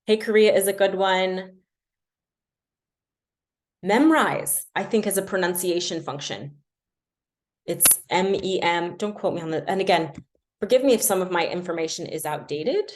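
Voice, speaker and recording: A woman's voice: on the low side, normal speed, long pauses, slight background noise. Chatty woman teaching language tips. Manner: chatty, self-deprecating, lots of fillers. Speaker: language learning coach. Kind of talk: casual livestream teaching.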